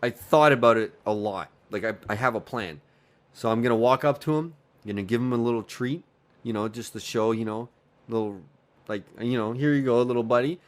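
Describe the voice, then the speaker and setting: A man's voice: fairly low pitch, normal speed. A man hosting a podcast, chatting casually and joking with lots of swearing and frequent laughter. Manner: profane, jokey, laughs often. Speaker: podcast host.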